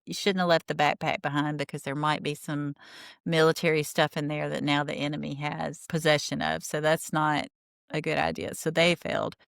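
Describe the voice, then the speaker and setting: A woman's voice: low-pitched, creaky, no echo, clean studio sound. A woman hosting a podcast, recapping a TV show in a chatty, wry, gossipy way. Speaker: podcast host. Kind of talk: casual TV recap.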